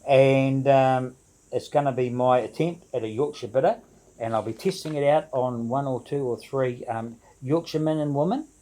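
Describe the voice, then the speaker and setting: Rambling mellow-voiced man in a brew shed. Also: medium pitch, moderate pace, low-quality recording. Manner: rambling, hesitant, many fillers and restarts. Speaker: home brewer. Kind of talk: casual vlog chat to viewers.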